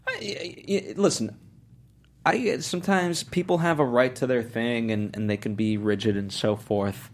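A man's voice: mid-range voice, moderate pace. A man in a casual film discussion, giving emphatic opinions and counting off his points one by one.

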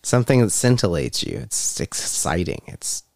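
A man's voice: low-pitched, huge pitch swings, normal speed, creaky, a crowd in the background. A man hosting a podcast in casual chat, with dry, teasing banter. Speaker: podcast host. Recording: music playing behind.

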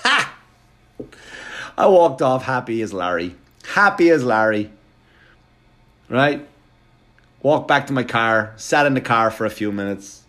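A man doing stand-up, telling a long story in a quick, animated, profane way. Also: medium pitch. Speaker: stand-up comedian.

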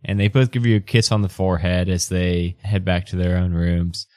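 A man running a tabletop game with a lower voice and a casual, chatty narration full of fillers and laughter. The sound is close and dry. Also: flat delivery, normal speed, darkish tone, dry recording. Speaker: game master.

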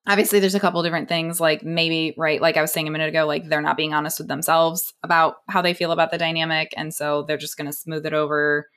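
A woman's voice: low-pitched, fairly bright tone, smooth. A woman co-hosting a podcast, explaining a relationship dynamic in a thoughtful, casual way with fillers like "you know". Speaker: podcast co-host. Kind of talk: casual conversational discussion.

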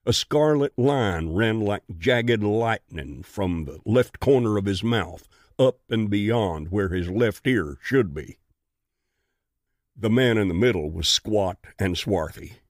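In a slow, measured reading of a western audiobook, the male narrator's slightly low, darkish voice comes through close and dry. There's no room sound at all.

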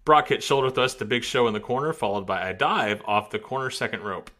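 A man's voice: medium pitch, fairly quick, sharp tone. A man on a casual podcast reading a match recap play by play, often breaking into laughs.

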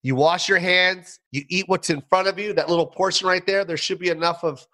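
A middle-aged man, a guest on an interview show, telling stories in an animated way with playful mock outrage. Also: sits high, brisk. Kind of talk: casual interview chat.

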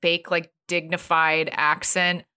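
A woman chatting casually as a co-host, with a bright, forceful tone. She sounds animated and gushing and keeps piling on fillers as she talks. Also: lowish voice, slow, clear, resonant tone. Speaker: podcast co-host. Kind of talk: casual chat.

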